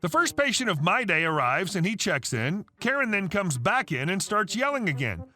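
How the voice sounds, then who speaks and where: A man reading an online story aloud, narrating with animated delivery and changing voices for the characters. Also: high-pitched, moderate pace.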